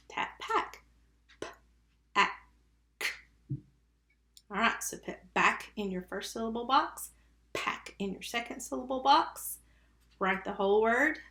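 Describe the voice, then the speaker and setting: A woman teaches a recorded first-grade phonics lesson, patiently sounding out syllables and letters one at a time. Her voice is on the high side, creaky and sharp, in a roomy, echoey recording.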